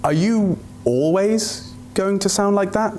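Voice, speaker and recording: A man's voice: high-pitched, takes it slowly, darkish tone, a little hiss or hum. A man hosting a comedy sketch in a hesitant, flustered way. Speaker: host.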